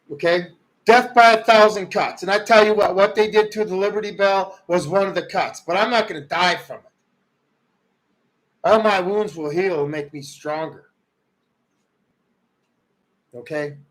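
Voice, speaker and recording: A man hosting a livestream, ranting about politics in a heated way, swinging from loud outbursts to low muttering. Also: poor audio. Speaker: livestream host. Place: rural home.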